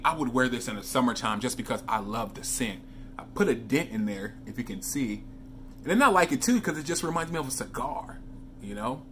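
A man's voice: medium pitch, slight background noise. A man chatting casually in a vlog, telling stories and talking to viewers as he reviews fragrances. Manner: chatty, animated storytelling with asides to viewers.

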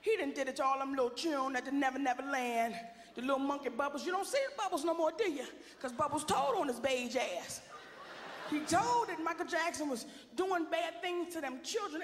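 A woman working a stand-up crowd in a brassy, sassy style, her high voice roughened by gravel. She belts out her punchlines. The sound rings through a large, echoey hall. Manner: brassy, bold and sassy, often shouting punchlines. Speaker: stand-up comedian. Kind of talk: stand-up comedy set.

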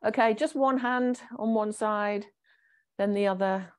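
A woman leading a gentle exercise class, chatty and encouraging as she explains each movement. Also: medium pitch, unhurried. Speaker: fitness instructor.

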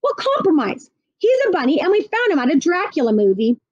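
A woman's voice: very high voice, very animated, fairly quick, darkish tone, no room sound, lo-fi sound, voice pushed up. A woman voicing a mother who settles arguments firmly and kindly. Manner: firm, soothing. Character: firm, motherly woman keeping peace.

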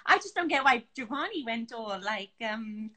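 A Welsh woman with a high, bright voice, talking chattily on a live stream. She giggles often and speaks from a hotel room. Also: expressive, normal speed. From Wales. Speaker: guest. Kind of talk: casual live-stream chat.

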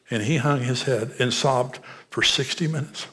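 A man's voice: medium pitch, normal speed, a bit bright. A man preaching as a pastor, telling personal stories in an earnest, direct way.

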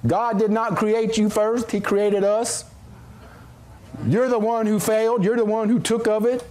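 A middle-aged man preaches from the pulpit in a drawl, his voice sitting noticeably high for a man. He reads scripture in old-fashioned cadence and breaks off into folksy, joking asides to the congregation. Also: flat delivery, measured pace, a little mellow. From South Carolina. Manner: jokey, folksy, playful with the congregation. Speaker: assistant pastor. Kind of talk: sermon. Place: church sanctuary.

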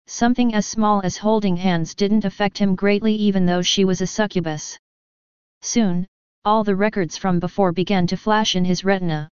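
A woman narrating a web novel audiobook in an even, steady reading voice. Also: medium pitch, clear, resonant tone, no echo, highs cut off. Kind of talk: scripted narration.

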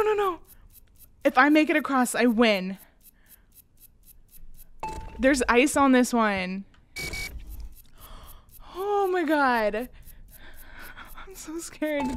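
Excitable high-voiced woman gamer. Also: a little hiss or hum. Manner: gasping, shrieking, swearing, then hushed whispers while hiding. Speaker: streamer. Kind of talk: excitable gaming stream commentary.

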